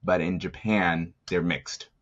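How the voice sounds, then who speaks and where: A man's voice: deep voice, steady tone, slow, a bit bright, lo-fi sound. A man from New Jersey speaking as an interview guest, rambling with many fillers and tag questions. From New Jersey, USA. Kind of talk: casual interview chat.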